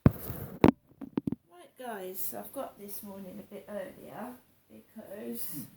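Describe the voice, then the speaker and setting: A woman's voice: on the high side, gravelly, noisy background. A middle-aged woman chatting casually in a morning vlog from her home, rambling and repeating herself. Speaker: vlogger. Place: home, indoors. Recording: roomy, distant mic.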